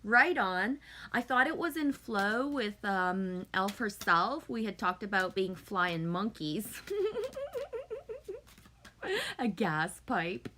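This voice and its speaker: Woman streamer, loose and chatty, sweary, reading out comments, bright voice. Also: medium pitch, slow pace, pauses often, slight background noise. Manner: chatty, swears often, sometimes refers to herself as "me". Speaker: live streamer chatting with viewers. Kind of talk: casual live-stream chat.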